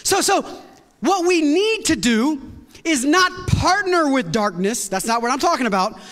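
A man preaching a sermon as pastor, energetic and bursting into shouts, with frequent repeated words and restarts, recorded in a church hall. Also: extremely high pitch, measured pace. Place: church hall with long reverb.

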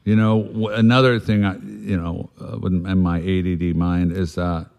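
A man's voice: deep voice, little pitch movement, moderate pace, vocal fry, a little mellow. A man telling a candid recovery story in conversation, blunt and swearing freely, loose and rambling, then earnest about making amends. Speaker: guest sharing a recovery story.

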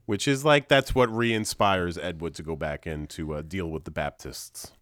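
A man's voice: low-pitched, normal speed, hardly any pauses, dry recording, clean studio sound. A man with kids, a guest on a podcast, chatting casually and laughing often. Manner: animated, laughs often, acts out film quotes. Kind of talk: casual chat.

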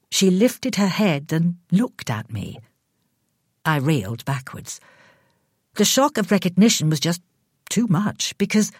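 A woman narrates a suspense story in a low, husky voice. She reads slowly, with wide dramatic swings of pitch and sudden whispers. The recording is dry and close. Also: a little mellow, no echo. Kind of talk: first-person story reading.

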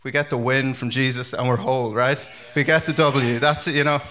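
Pastor, male, bright ringing tone, chatty loose delivery with lots of fillers. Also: mid-range voice, a little fast. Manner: chatty, animated, many fillers and restarts. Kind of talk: casual conversational sermon.

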